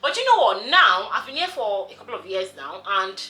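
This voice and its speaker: A young woman from Nigeria with a Nigerian accent, chatting casually in a vlog, animated and quick to laugh, with lots of "like" and "you know". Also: mid-range voice, echoey room, faint music behind, low-quality recording. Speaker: vlogger.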